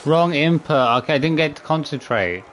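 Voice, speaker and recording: A man's voice: on the high side, animated, moderate pace, noisy background. A man streaming a video game, exasperated, swearing and counting his button presses aloud. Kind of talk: live gameplay commentary.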